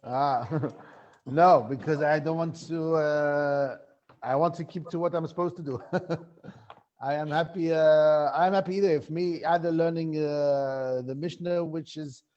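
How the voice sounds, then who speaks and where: A man's voice: fairly high pitch, steady tone, a little slow, darkish tone, highs cut off. Chuckling, questioning male Gemara teacher. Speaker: Torah teacher. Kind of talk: online Gemara class.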